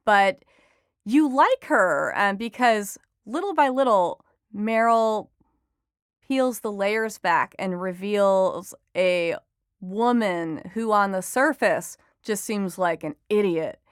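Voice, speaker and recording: A young adult woman, an entertainment reporter and author, is a guest on a podcast interview, chatty and enthusiastic, tossing off quick asides with laughter. Her voice is smooth and clear at a medium pitch, recorded dry and close with no room sound.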